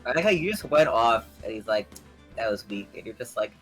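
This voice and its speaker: A man's voice: mid-range voice, expressive, fast, fairly bright tone, soft background music. A man joking and laughing in a casual chat on a live stream.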